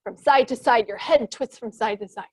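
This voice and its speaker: This is a young adult woman guiding children through a yoga class. Her voice sits high, and she keeps the cues playful, encouraging and sing-song. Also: normal speed, slightly rough. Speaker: kids yoga teacher. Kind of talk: guided kids yoga class.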